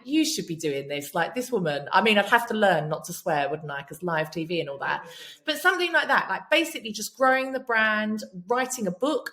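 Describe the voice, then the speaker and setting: A woman's voice: medium pitch, a bit bright. Frank woman, swearing freely. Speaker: podcast guest. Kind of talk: candid storytelling chat.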